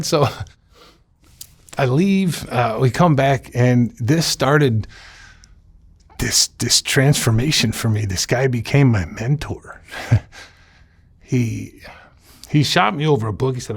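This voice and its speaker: A man recounts his own past in a sit-down interview, blunt and unfiltered, swearing freely. His voice is husky, with a slightly low, everyday pitch. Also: slow pace, pauses often. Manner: blunt, profane, candid storytelling. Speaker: interview guest. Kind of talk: personal life story in a sit-down interview.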